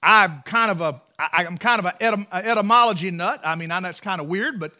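Appalachian male pastor, high bright voice, folksy, rising to loud emphatic peaks. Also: quick pace. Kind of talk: sermon. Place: church sanctuary.

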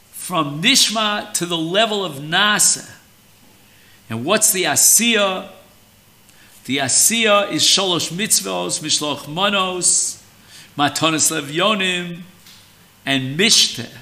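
A man gives a Torah lesson at an unhurried, measured pace. His voice sits fairly high and has a very bright, sharp edge. He draws out his explanations deliberately, like a teacher guiding students. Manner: slow, deliberate teaching, mixing Hebrew terms.

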